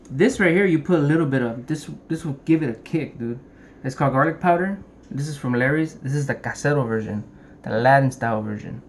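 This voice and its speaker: A young man casually showing how to prep a brisket at home, rambling and cracking jokes as he works. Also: medium pitch. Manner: joking, rambling, swears casually. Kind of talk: casual cooking demonstration. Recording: noisy room ambience.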